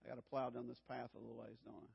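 A man's voice: medium pitch, monotone, very fast, vocal fry, husky, big-room sound, lo-fi sound. A man preaching a sermon as pastor, emphatic, repeating key phrases and calling out to the congregation for responses.

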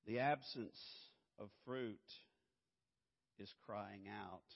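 A man preaching a sermon as pastor, swinging from hushed low lines to loud, urgent emphasis. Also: extremely slow, gravelly. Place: church sanctuary. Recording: dull lo-fi sound, long hall reverb.

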